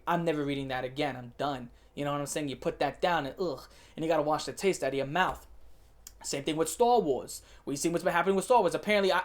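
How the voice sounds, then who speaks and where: Woman ranting on her channel, sarcastic and emphatic, does mocking voices. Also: medium pitch. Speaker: channel host. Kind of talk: opinion rant.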